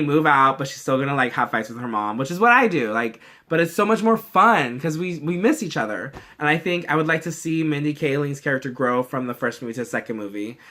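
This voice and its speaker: A young man with a bright, somewhat high voice gushes in casual vlog chat. He swears freely and slips into little acted-out voices for the people he talks about. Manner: gushing, expressive, swears freely, acts out quoted voices. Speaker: vlogger reacting to a movie trailer.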